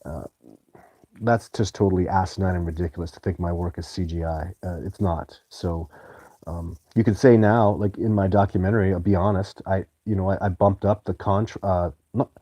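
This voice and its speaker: A man's voice: deep voice, steady tone, moderate pace, warm tone, dry recording. A man hosting a live stream, chatting loosely and greeting viewers as he reads their comments. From Canada.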